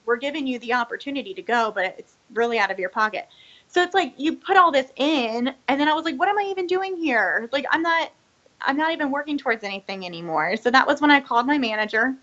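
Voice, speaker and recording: Young woman, twenties, bright tone, candid interview, rambling filler words, slightly muffled recording. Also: on the high side. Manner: rambling, frequent "like" and "you know", acts out quoted lines. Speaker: former business owner telling her story.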